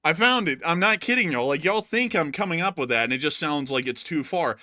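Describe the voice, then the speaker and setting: Bright-voiced man rambling on a show. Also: fairly high pitch, lively intonation, brisk, no echo, studio quality. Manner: rambling, joking, many fillers. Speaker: host. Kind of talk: casual war news commentary.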